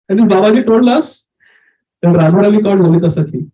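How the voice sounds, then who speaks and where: Mellow high-voiced man telling a devotional story. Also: fast. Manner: chatty, laughs often, acts out the story. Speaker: speaker giving a scripture discourse. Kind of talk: storytelling sermon.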